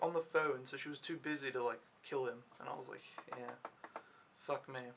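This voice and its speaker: A man's voice: fairly high pitch, bright, forceful tone. A young man from Denmark, working as an au pair, rambling through a casual vlog recap with lots of fillers and swearing. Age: young adult. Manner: rambling, swears freely, filler-heavy storytelling. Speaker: au pair vlogger.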